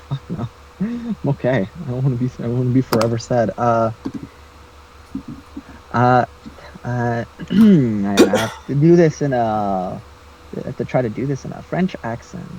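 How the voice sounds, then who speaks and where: Man, tabletop player, jokey, unhurried, mellow voice. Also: mid-range voice, animated, slight background noise. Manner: jokey, laid-back. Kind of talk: casual tabletop game chat. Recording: slightly dull lo-fi mic.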